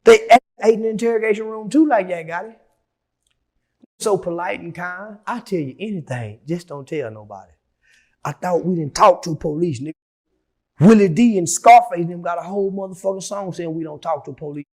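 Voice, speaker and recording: Fairly quick in delivery, a middle-aged man shares a story as an interview guest, profane and fired up, alternating low mutters with outright shouting.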